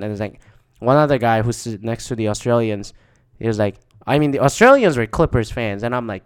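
Rambling, profane man with a smooth voice. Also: mid-range voice, a little fast. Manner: profane, rambling, with frequent fillers. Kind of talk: casual rambling monologue.

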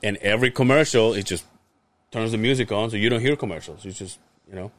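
Talking fast in a fairly low voice on a dry recording, a young podcast host relates a casual story. He acts out the characters' words with animation and cusses freely.

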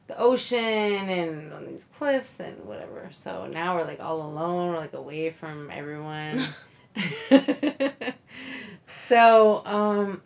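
Woman storyteller, slow, lower-pitched, chatty, filler-heavy delivery. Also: lively intonation, creaky. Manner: rambling anecdote full of likes and ums, laughing. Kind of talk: casual chat.

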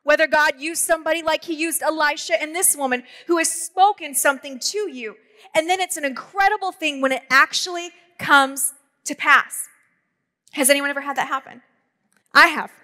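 A woman pastor in her thirties preaching a sermon, telling stories with quick asides and humor. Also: sits high, sharp tone. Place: church auditorium. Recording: long hall reverb.

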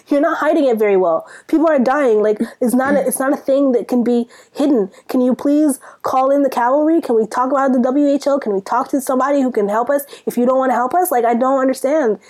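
A woman's voice: high voice, fast talker, darkish tone. Exasperated young woman ranting on a podcast. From Sudan. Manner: exasperated ranting, rhetorical questions. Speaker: podcast co-host. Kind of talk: casual chat.

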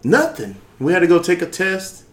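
A man's voice: high voice, wildly swooping pitch, normal speed. A man working as a corrections officer, chatting casually in a laid-back, profane, jokey way with lots of slang. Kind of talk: casual chat.

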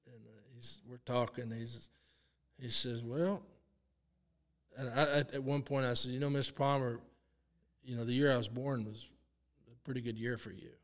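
A man in his sixties, a guest telling a lively story in a casual interview, acting out what people said and laughing often. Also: mid-range voice, moderate pace, long pauses, big-room sound. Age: 60s. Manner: animated storyteller, acts out quotes, laughs often. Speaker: guest, long drive champion.

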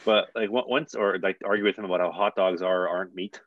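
A man's voice: low-pitched, brisk, no echo, lo-fi sound. A young man, a hockey player, telling a story in a casual podcast chat, rambling and acting out what people said. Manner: rambling, animated, acts out quotes.

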